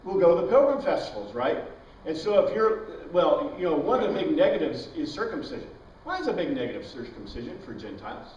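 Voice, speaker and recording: A man's voice: fairly high pitch, sing-song, fairly quick, a little mellow, a little hiss or hum. A man teaching an informal Bible class, chatty, quizzing his students and wandering into tangents. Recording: dull, echoey room recording from far off.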